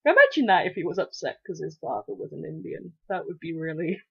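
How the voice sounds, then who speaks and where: A woman's voice: lowish voice, sing-song, a little fast, vocal fry, a bit bright, slightly rough. A woman giving a parody storybook reading, narrating with giggly, irreverent asides. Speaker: reader. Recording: dull lo-fi recording.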